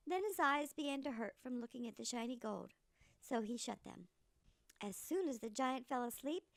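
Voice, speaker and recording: An older woman reading a children's story aloud, slow and animated, with a gravelly voice. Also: high-pitched, no echo.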